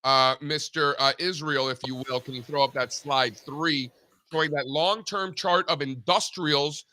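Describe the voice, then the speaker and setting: A man co-hosting a casual market talk show over a video call, animated and joking, with lots of fillers. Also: fairly high pitch, unhurried.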